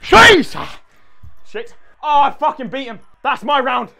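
A young man doing excited gameplay commentary, boasting and trash-talking with heavy swearing. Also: extremely high pitch, normal speed, creaky, soft background music. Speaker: YouTuber.

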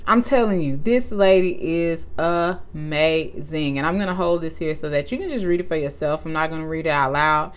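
A young woman hosting a casual vlog, talking in a warm, effusive way and often close to tears. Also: low-pitched, moderate pace, hardly any pauses. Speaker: channel host.

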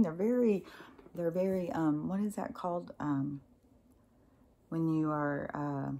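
A woman's voice: deep voice, darkish tone. A middle-aged woman telling a casual story, blunt and profane, with many fillers and laughs. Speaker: host.

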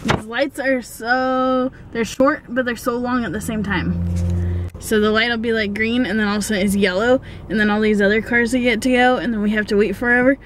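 Bubbly woman vlogger, slightly high voice, chatting from the car over light traffic noise. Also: fairly even intonation, fairly quick. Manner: bubbly, giggly, sing-song asides. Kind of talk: casual vlog chat. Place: in a car, driving.

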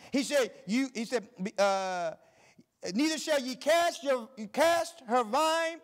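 A middle-aged male pastor with a very high-pitched voice preaches a sermon, reading scripture slowly and building emphasis through repetition.

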